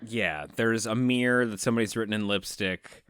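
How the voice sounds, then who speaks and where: A man's voice: fairly low pitch, steady tone, brisk, fairly bright tone, clear, resonant tone, dry recording, clean studio sound. A man co-hosting a horror film podcast in casual chat. He is playful, rambles, and swears casually. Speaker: podcast co-host.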